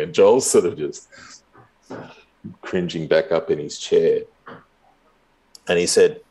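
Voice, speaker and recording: A man's voice: sits low, measured pace, long pauses, dark tone. A man in his fifties telling a long story in a casual, rambling way, chuckling often as a guest in an interview. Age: 50s.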